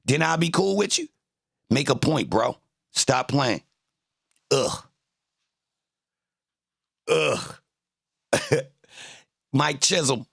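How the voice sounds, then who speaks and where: A man rants in emphatic, profane street-style commentary. His voice has a gravelly fry. The sound is dry and close, with no room echo. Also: a little high, lively intonation, drawn-out words, pauses often, fairly bright tone. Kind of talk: casual streamed commentary.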